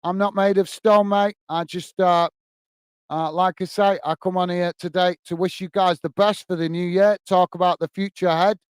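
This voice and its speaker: A football channel host runs a live stream, chatting loosely, reading viewer comments aloud and calling people "mate" constantly, with lots of fillers and restarts. His voice sits high with little pitch movement, delivered at a moderate pace in a smooth, dry recording.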